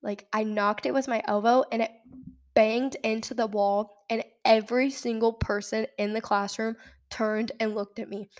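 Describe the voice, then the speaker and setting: A nineteen-year-old woman from Nebraska, telling a story in a casual, animated way and often laughing. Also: on the high side. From Nebraska, United States. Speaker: podcast host.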